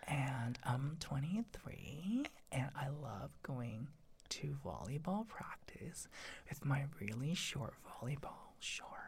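A man putting on breathy whispered Miranda. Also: medium pitch, very animated, slow pace, full character voice. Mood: breathy flirty. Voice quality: breathy whispered vocal fry. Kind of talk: whispered role-play.

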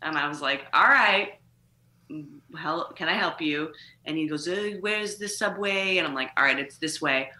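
A woman comedian chats and tells stories with lively profanity. Her voice sits low but sounds bright and forceful. The room around her rings with echo. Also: normal speed. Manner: profane, animated storytelling. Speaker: comedian, podcast guest. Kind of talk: casual chat, storytelling.

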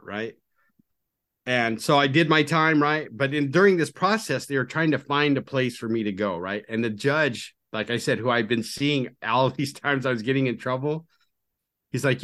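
A middle-aged man, a podcast guest and recovery coach, telling his story in an earnest, confiding way that often sinks to a low murmur. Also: moderate pace, a bit bright. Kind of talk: candid storytelling interview.

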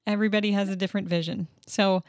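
A woman hosting an interview, affirming her guest in a steady way. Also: medium pitch, racing, no echo, studio quality. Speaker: interviewer host.

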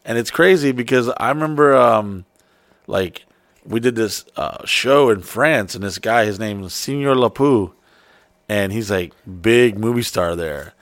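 A man's voice: on the low side, unhurried, dry recording. A man co-hosting a casual podcast chat, telling stories with lots of swearing and putting on voices for the people in them. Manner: profane, animated storytelling with put-on voices. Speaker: podcast co-host.

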